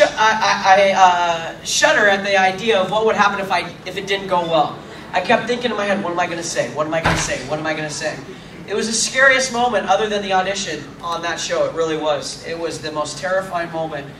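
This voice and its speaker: Bright-voiced man telling stories in an echoey hall. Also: high-pitched. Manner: lively storyteller, laughing often, acting out quotes. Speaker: actor guest on a convention stage. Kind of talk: animated anecdote told to a live audience. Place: large convention hall. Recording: echoey hall from far off with faint noise.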